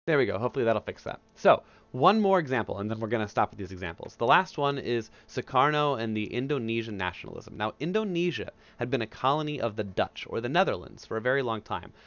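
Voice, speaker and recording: A man's voice: mid-range voice, sing-song, fairly bright tone, dry recording. Man, history teacher, casual lecture, dry close sound, dull headset audio. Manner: casual, conversational, acts out historical figures in quick asides. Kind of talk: recorded classroom lecture.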